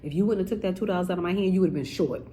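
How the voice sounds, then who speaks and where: A woman's voice: on the low side, racing, dark tone, a little hiss or hum, low-quality recording. A woman giving casual, sassy commentary straight to her viewers. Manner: chatty, sassy, addresses viewers directly. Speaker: commentary vlogger.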